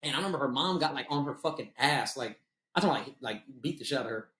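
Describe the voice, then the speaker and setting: A man's voice: mid-range voice, lively intonation, fast, fairly bright tone, reverberant. A man telling loose, profane stories in casual chat, laughing at his own jokes. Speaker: podcast host.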